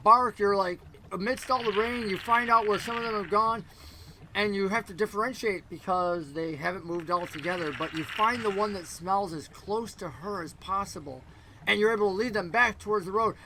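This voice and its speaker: A man narrating a tabletop game as game master in a rambling, animated way. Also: high voice, normal speed, slight background noise, low-quality recording.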